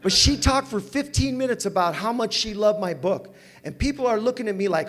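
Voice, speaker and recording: Brief: older man, Southern California, high-pitched, lively self-mocking recovery-meeting storyteller who laughs a lot. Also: brisk. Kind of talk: personal storytelling talk. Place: meeting hall with audience.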